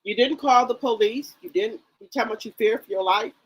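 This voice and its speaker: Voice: medium pitch, big pitch swings, a little fast, vocal fry, breathy edge, poor audio. Blunt speaker with a mid-range voice. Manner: blunt, direct, addresses the defendant. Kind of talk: casual commentary.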